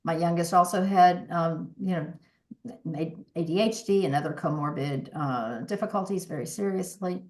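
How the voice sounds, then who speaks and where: Her voice is lowish and a little mellow, moving at a moderate pace, as this sixty-something voice coach speaks thoughtfully and sincerely as a podcast guest. She tends to start her sentences over in the conversational interview.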